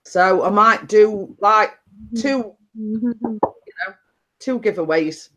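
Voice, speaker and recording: A livestream host with a mid-range, slightly bright voice speaks slowly. She chats casually from her home computer desk, rambling, laughing and often starting over.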